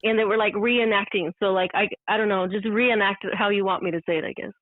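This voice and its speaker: A woman's voice: mid-range voice, steady tone, fast, no echo, narrow, tinny audio. A woman guest in a casual podcast chat, talking in a chatty way with lots of "like" and casual swearing. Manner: chatty, frequent "like", swears freely.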